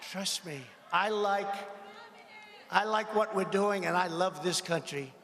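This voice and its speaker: A politician in his seventies gives a rally speech in a large arena, combative and mocking and prone to rambling asides. His voice is high-pitched and a little slow, with heavy background noise and the long reverb of an echoey arena.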